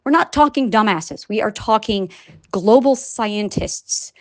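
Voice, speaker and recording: A woman's voice: medium pitch, expressive, unhurried, dry recording. A woman talking to camera in a rambling, emphatic monologue, swearing often and restarting her sentences.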